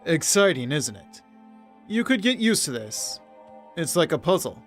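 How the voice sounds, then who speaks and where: A man's voice: on the high side, big pitch swings, a little slow, fairly bright tone, soft background music. A man streaming a game, reading its narration aloud and chatting casually into a desk mic on an arm. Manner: casual, reads narration aloud, talks to himself. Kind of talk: let's play commentary and reading game text.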